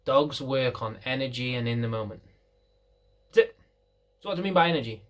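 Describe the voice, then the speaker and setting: A man's voice: medium pitch, animated, brisk. Man, dog trainer, casual talk to camera, fillers and restarts, seated indoors.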